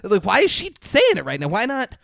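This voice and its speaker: Profane fast-talking podcast host, man. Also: high voice, vocal fry, no room sound, studio quality. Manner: profane, animated retelling with mock voices. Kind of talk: casual movie review chat.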